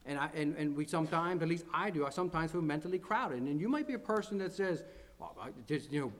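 A man's voice: fairly high pitch, expressive, fast talker. Earnest male pastor preaching. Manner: earnest, repeats phrases, builds to emphatic declarations. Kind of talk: sermon.

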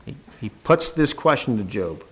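Guy giving a sermon, reads bible verses then explains em, kinda stumbly restarts, average pitch. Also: sing-song, normal speed, a bit bright, breathy edge. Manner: reads verses aloud in King James wording, then explains them plainly with restarts. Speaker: preacher. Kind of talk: sermon with scripture reading.

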